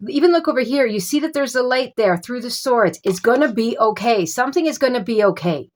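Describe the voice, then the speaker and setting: A woman with a fairly high voice talks through a tarot reading in a loose, unscripted way. She stops and restarts as she searches for words and leans on fillers. Her tone stays reassuring, and she comes back to the same comforting phrases. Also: animated, fairly quick, a little mellow. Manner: reassuring, repeats soothing phrases. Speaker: tarot reader. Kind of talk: casual tarot reading monologue.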